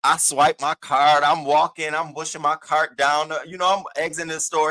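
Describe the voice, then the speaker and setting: A man hosting an online show, telling a story in a loud, profane, animated rant and acting out the other people's voices. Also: on the high side, moderate pace, few pauses. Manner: acts out the other voices in his stories. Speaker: host of an online news show. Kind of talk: casual livestream rant.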